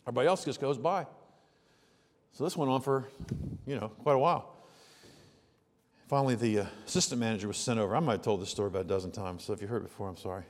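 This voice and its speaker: A man preaching a sermon, telling stories and moving from hushed asides to loud, emphatic outbursts. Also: lowish voice, fast talker, slightly rough, big-room sound. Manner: storytelling, swings from soft asides to loud exclamations. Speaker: pastor.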